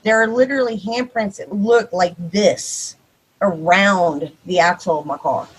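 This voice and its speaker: A woman with a Texan accent, probably in her thirties or forties, telling a ghost story on a podcast, quick and animated and acting out the dialogue. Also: medium pitch, breathy edge, low-quality recording. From Texas. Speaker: podcast guest. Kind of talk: casual storytelling.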